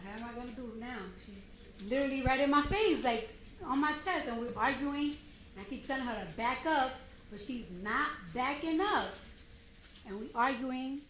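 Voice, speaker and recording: A woman testifying in a courtroom, retelling a confrontation in a blunt, animated, slangy way and acting out what each person said. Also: high voice, moderate pace. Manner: blunt and animated, slangy street speech, acts out quotes. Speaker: witness testifying. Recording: roomy courtroom sound, faint noise.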